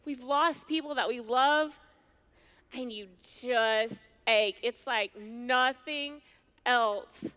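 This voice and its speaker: A middle-aged woman preaching a sermon to women, earnest and conversational, with slow, emphatic pauses. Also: fairly high pitch, a bit bright. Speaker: women's ministry speaker.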